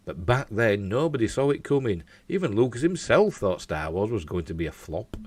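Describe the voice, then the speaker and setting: A man with a Yorkshire accent reads entertainment news in a lively voice that swings up and down. His voice sits low, and the recording is close and dry. He breaks in now and then with jokey asides. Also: moderate pace, no echo. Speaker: host.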